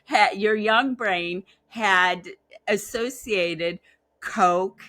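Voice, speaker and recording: A chatty woman explains her work in a casual interview, animated and storytelling. Her voice sits at an ordinary middle pitch. The recording is close and dry. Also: drawn-out words, no echo. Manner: chatty, animated, acts out quoted dialogue. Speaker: guest, belief-change facilitator and hypnotherapist.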